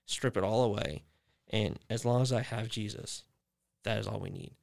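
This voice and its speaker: Rambling young man, lowish voice. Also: fairly even intonation, normal speed, gravelly, a little mellow. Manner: rambling, many fillers and restarts. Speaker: podcast host. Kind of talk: casual faith chat.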